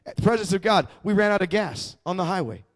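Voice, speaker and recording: Man, high voice, pastor, sermon, stammering restarts, rising fervor. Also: expressive, fast talker. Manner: conversational testimony, swelling into fervent emphasis.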